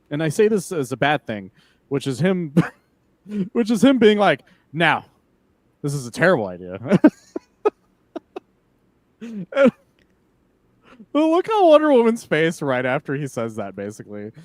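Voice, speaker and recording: A man's voice: high voice, unhurried, long pauses, dry recording. A man co-hosting a podcast, chatting casually about comics, swearing freely and acting out lines with laughter. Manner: animated, swearing, acts out quotes with laughs. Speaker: podcast co-host. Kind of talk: casual comic book discussion.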